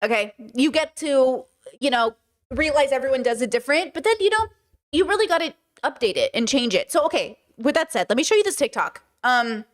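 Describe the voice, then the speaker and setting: A young woman hosting a live stream, chatting casually and telling family stories with lively acted-out quotes. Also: high voice, fairly quick. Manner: animated storyteller, acts out family members' lines. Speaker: streamer host.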